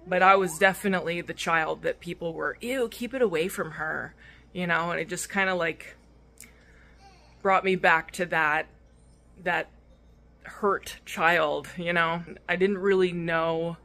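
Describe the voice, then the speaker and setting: A woman's voice: lowish voice, flat delivery, a little slow, bright, forceful tone. A young woman and mother telling a story in a casual vlog, candid and emotional, rambling with fillers and restarts. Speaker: vlogger and mother.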